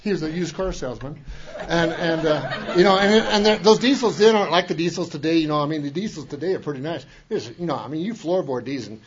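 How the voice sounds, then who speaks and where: Man telling his story, self-mocking, restarts a lot, higher voice, lo-fi. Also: expressive, fairly quick. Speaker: recovery meeting speaker. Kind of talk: personal testimony talk.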